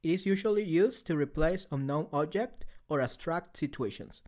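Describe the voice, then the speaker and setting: Man, language teacher, measured explanatory delivery, slightly higher voice. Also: a little mellow. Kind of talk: scripted lesson explanation.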